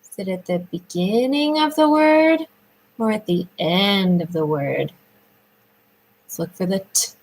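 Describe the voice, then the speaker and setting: A woman speech therapist leads a children's sound lesson, praising often and drawing words out slowly in a sing-song way. Her medium-pitched voice is animated and a little mellow, though the audio is poor.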